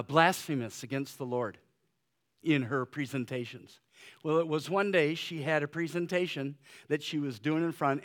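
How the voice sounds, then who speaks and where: A male pastor with a slightly high voice preaches a sermon, moving between loud, urgent exhortation and soft, quiet pleading, with conversational fillers sprinkled in.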